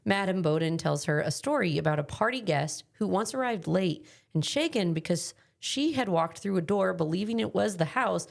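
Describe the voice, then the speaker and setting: A woman hosting a book podcast, recapping a novel in casual chat that is quick and full of "like" fillers. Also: fairly low pitch, expressive, gravelly. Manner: chatty, many "like" fillers, quick bursts.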